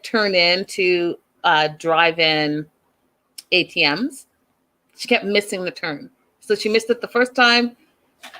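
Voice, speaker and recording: A woman's voice: lowish voice, fairly bright tone. A woman hosting a casual show recap, chatty and opinionated, who acts out the people she quotes in a raised voice. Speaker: host recapping a reality show.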